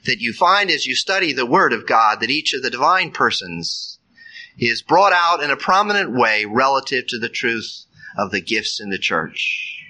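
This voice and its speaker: A man's voice: medium pitch, lively intonation, normal speed, pushed and bright, rough recording. A man preaching a sermon in an earnest, emphatic way, rising sharply on key phrases.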